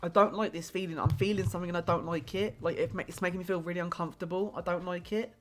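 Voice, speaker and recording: A young woman with a slightly low voice talks through a live tarot reading, rambling and hesitant. She fills her sentences with fillers and restarts, and faint music plays softly behind her. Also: steady tone, quick pace. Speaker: tarot reader and streamer. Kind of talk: live-streamed tarot reading, casual chat.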